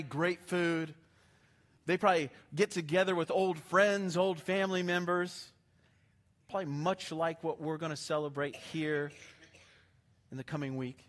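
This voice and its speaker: A male pastor preaching a sermon with passion, swinging from hushed, slow lines to emphatic ones. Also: high voice.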